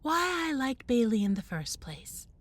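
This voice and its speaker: Teacher lady reading a kids book out loud, really animated ups and downs, slow and careful. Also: a little high. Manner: expressive storybook reading. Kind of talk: reading a children's novel aloud.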